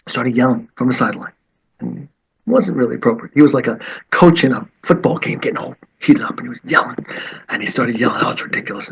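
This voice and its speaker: A martial arts teacher telling stories in conversation, acting out the quoted voices with lively energy. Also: male voice, mid-range voice, vocal fry, breathy edge, highs cut off. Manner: animated, acts out quoted voices. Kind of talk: storytelling in conversation.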